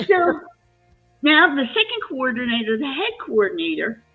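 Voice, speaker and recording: A woman retelling a work story in casual chat, animated and emotional, with many restarts. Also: sits high, moderate pace. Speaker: live chat guest. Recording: tinny phone-line audio with faint music.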